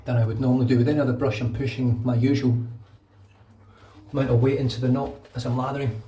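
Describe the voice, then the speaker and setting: A Glaswegian man from Scotland talking casually and quickly while he shaves, dropping in asides like "know what I mean". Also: mid-range voice, flat delivery, warm tone, reverberant, distant mic, slight background noise. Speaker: wet shaving channel host. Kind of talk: casual talk over a shave.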